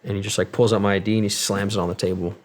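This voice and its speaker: A man's voice: fairly low pitch, little pitch movement, rapid-fire. A man as an interview guest, casually retelling events with many quoted exchanges and frequent cursing. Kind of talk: casual storytelling.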